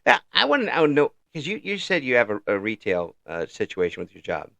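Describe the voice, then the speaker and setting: A man hosting an interview in a casual chat, halting and easygoing, often restarting his sentences and laughing. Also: mid-range voice, huge pitch swings, vocal fry, a bit bright, no echo, dull audio. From United States. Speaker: interview host.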